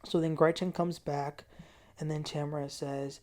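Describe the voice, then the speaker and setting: A woman with a somewhat low voice recaps a reality show in a casual way. She tells the story with animation and jumps up in pitch when she quotes people. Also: steady tone, normal speed, a little mellow. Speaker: TV recap host.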